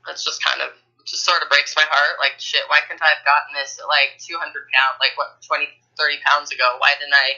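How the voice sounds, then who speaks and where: A woman's voice: low voice, little pitch movement, fairly quick, sharp tone. A woman calling in for coaching, talking frankly and rambling with many fillers. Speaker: caller. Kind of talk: coaching call. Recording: tinny phone line.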